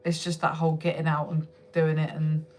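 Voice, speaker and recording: A woman's voice: deep voice, monotone, brisk. Chatty woman swearing freely on a live stream. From United Kingdom. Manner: chatty, swears freely, laughs often, answers comments directly. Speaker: livestream host. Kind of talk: casual live chat with viewers.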